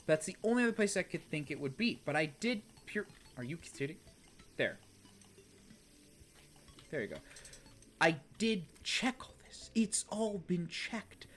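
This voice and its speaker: A young man commentating a video game stream, exasperated and talking to himself, swinging from low muttering to loud outbursts. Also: big pitch swings, unhurried, long pauses, slight background noise. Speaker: gaming streamer. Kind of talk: let's play commentary.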